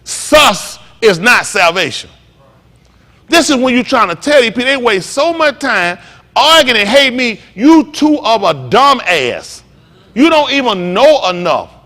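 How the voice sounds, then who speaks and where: A man's voice: very high voice, sing-song, moderate pace, fairly bright tone. A male pastor preaching a sermon in a blunt, heated, mocking way, swearing freely.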